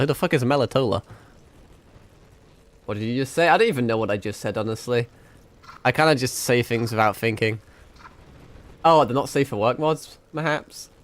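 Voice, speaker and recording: A man in his twenties chats casually while streaming a game, rambling, swearing heavily and often poking fun at himself. His voice is mid-range, he speaks at a normal speed, and he pauses often.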